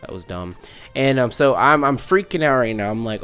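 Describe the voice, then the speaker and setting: A young man in his twenties talks casually over his gameplay, rambling and breaking off his story to react to the game. His voice sits at an ordinary middle pitch. Faint game music plays behind him. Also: lively intonation, normal speed, fairly bright tone, smooth. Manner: rambling, distracted, restarts mid-sentence while playing. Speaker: let's play host.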